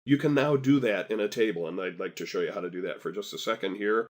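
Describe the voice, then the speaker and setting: A man teaching a software tutorial over a screen recording, chatty and encouraging with folksy asides. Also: lowish voice, fast. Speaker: software instructor.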